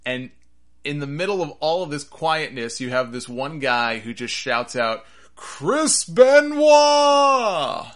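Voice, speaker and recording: A man's voice: mid-range voice, fairly even intonation, moderate pace, bright, forceful tone. A man hosting a wrestling podcast, rambling and sarcastic in casual commentary.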